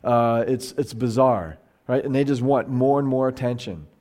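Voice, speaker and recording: Animated man giving a casual sermon. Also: medium pitch, moderate pace. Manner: animated, acts out quoted voices, frequent restarts. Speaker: pastor teaching a Bible study.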